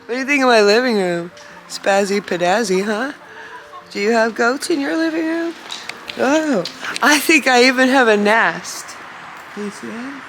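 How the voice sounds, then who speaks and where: A woman's voice: a little high, moderate pace, a bit bright, soft background music. A woman vlogging casually about her farm life, chatting and laughing often and cooing at her chickens. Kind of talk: casual chat to camera. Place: in and around a trailer in a barn.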